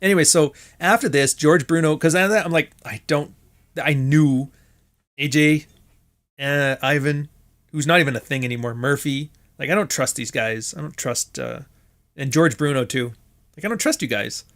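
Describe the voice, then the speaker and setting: A man's voice: a little high, normal speed, a bit bright. A man hosting his podcast, telling a story in a casual monologue, swearing freely, laughing often and acting out what others said. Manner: profane, sardonic, laughs often, acts out quotes. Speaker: podcast host.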